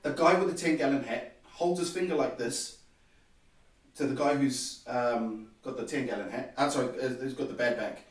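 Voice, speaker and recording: A man, a podcast guest, telling a personal story in an animated way and acting out the dialogue. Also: medium pitch, moderate pace. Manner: animated, acts out quoted dialogue. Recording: very echoey room, distant mic.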